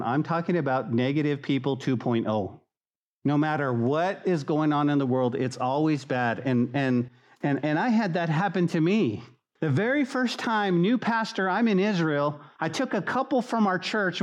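A man preaching a sermon as pastor, animated and casual, slipping into voices as he acts out little dialogues. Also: fairly high pitch. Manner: casual slang-laced delivery.

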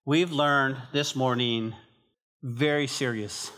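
A pastor from northern New Mexico preaching a sermon to his church in an animated, emphatic, conversational way. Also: medium pitch, slow.

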